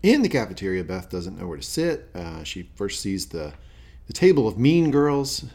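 Animated low-voiced male podcast host. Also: normal speed. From rural Southern US. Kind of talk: casual recap chat.

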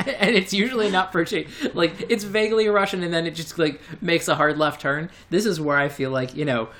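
A man's voice: on the high side, brisk, a bit bright. Rambling, hesitant podcast guy. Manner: rambling, hesitant, many restarts and fillers. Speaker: podcast co-host. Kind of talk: casual chat.

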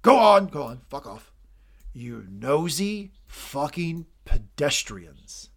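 A man putting on the voice of a ruthless older tycoon father, reading his lines in a loud, sneering, drawn-out way. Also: fairly high pitch, big pitch swings, exaggerated voice. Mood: scornful.

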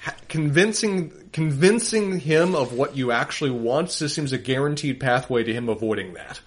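A man's voice: mid-range voice, lively intonation, moderate pace. A man co-hosting a podcast, breaking down the characters' moves in a thoughtful, analytical way. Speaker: podcast co-host. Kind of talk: casual analytical chat.

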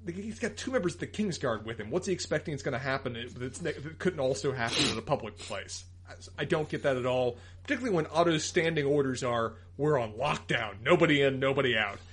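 A man's voice: fairly high pitch, expressive, fast, slight background noise. A man co-hosting a podcast, working methodically through his complaints about an episode point by point. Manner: methodical, lists points, critical. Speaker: podcast co-host. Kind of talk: casual review chat, critique.

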